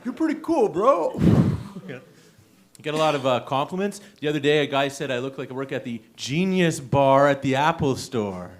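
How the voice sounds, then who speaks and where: A man's voice: mid-range voice, a little fast. A young man works the room in a small comedy venue during an open mic set. His talk is chatty and self-mocking, and he keeps breaking into laughter at his own jokes. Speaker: stand-up comedian.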